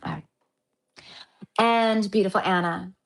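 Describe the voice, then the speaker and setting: A woman's voice: medium pitch, a little slow, creaky. A woman hosting a spiritual healing livestream, chatting casually and affectionately with viewers, calling them honey and my love, rambling with many fillers and restarts.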